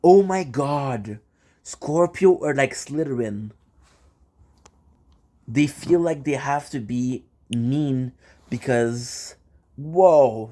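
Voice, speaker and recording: A man's voice: medium pitch, warm tone. A man streaming live and chatting casually with his viewers, playful and teasing, often repeating the same phrase several times in a row. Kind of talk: casual chat.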